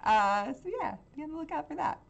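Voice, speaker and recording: A woman's voice: high-pitched, expressive, brisk, creaky, lo-fi sound. Woman game master for a tabletop game, loose and rambling. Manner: rambling, filler-heavy.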